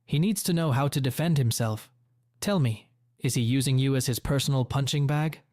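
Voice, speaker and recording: A man voicing an angry middle-aged father, blunt and determined, giving forceful retorts in a dry, close read. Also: medium pitch, normal speed, no room sound, close to an everyday voice.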